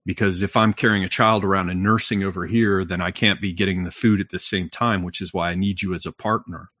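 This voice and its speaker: Blunt, swearing man holding forth in casual talk, low voice, dry close sound. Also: steady tone, fairly quick, a bit bright, dry recording. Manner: blunt, profane, lecturing with frequent "right?". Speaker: podcast talker. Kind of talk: casual chat.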